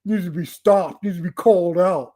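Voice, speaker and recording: A man's voice: high voice, moderate pace, dark tone. A man putting on a sneering online critic. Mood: mocking. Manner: mocking, exaggerated.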